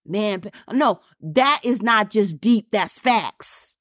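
A woman's voice: medium pitch, animated, takes it slowly, fairly bright tone, no echo, clean studio sound. A woman preaching a fervent sermon, repeating lines for emphasis and calling out directly to her listeners.

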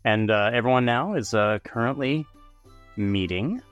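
A man acting as dungeon master, narrating a tabletop game in an unhurried way with frequent fillers. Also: medium pitch, lively intonation, a bit bright, no echo, faint music behind.

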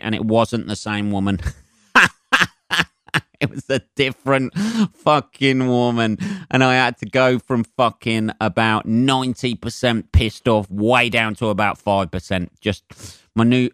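A man's voice: mid-range voice, fairly even intonation, unhurried, a bit bright, clear, resonant tone, no room sound, studio quality. A man hosting his own comedy podcast, ranting and swearing his way through a monologue. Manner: sweary, ranting, winds himself up.

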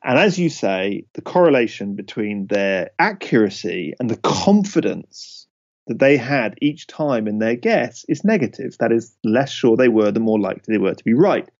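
A man's voice: medium pitch, normal speed. Emphatic man explaining, dull audio. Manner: emphatic, animated, checks in with "right?" and "okay?". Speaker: podcast guest, speaker on risk. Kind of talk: conversational podcast explanation.

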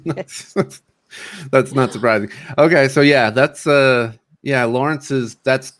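A woman's voice: extremely low pitch, slow. A woman from the Boston area hosting an interview, asking questions and laughing often. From Boston area, USA. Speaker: podcast host. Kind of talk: casual interview chat.

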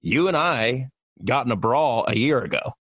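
A man's voice: medium pitch, expressive, normal speed, a bit bright, no room sound, studio quality. A man telling a rambling story in casual chat, full of fillers and swearing. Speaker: radio personality.

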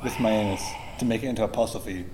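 A man's voice: fairly low pitch, steady tone, racing, warm tone, slight background noise. A man improvising comedy in a crude, rambling way.

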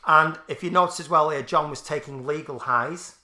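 Bright, sweary male comedy podcaster. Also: on the high side, moderate pace. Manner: sweary, mock-serious, goes off on tangents. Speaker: podcast co-host. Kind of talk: crude comedic banter.

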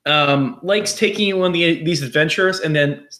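A man's voice: on the high side, moderate pace, pushed and bright. A man co-hosting a podcast in casual chat, a little drunk, rambling and swearing with lots of restarts. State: tipsy. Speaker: podcast co-host.

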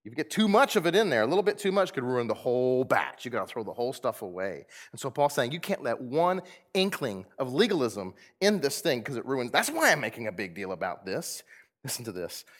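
A man's voice: mid-range voice, a little fast. A man preaching a conversational sermon, laughing often and asking his congregation rhetorical questions. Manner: animated, conversational, with frequent laughs. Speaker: pastor.

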